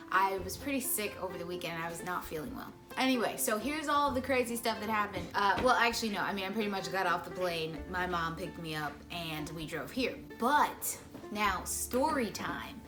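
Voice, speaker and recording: A woman's voice: mid-range voice, normal speed, music in the background. A young woman vlogger at her parents' home, chatting casually through a story time with lots of "like" and "right?".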